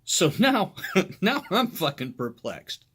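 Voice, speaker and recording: A man's voice: high voice, very animated, slow pace, a bit bright, breathy edge. A middle-aged man, a former police officer, telling a crude, funny anecdote in a casual way and often laughing as he goes.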